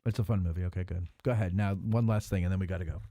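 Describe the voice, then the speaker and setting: A man's voice: sits low, steady tone, rapid-fire, warm tone, no echo. A man hosting a casual joking chat, teasing his guests and laughing often. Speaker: host.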